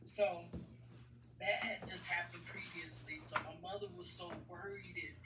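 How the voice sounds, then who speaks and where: A woman's voice: fairly low pitch, steady tone, moderate pace, very noisy. A woman vlogger telling a personal story in an earnest, rambling way, often repeating herself. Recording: echoey room, far from the mic.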